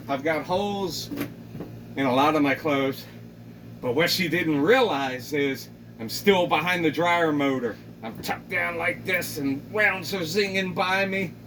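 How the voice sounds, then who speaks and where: A man narrating a comic story with mock-dramatic flair, rambling and animated. His voice sits a little high. He is picked up from a distance over loud background ambience. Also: unhurried, noisy background. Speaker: comedian.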